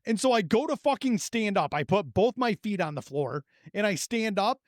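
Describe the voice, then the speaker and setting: A man in his thirties co-hosting a podcast, telling a profane, animated story and acting out his own reactions. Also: sits high, normal speed, dry recording, studio quality. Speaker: podcast co-host. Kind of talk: casual storytelling chat.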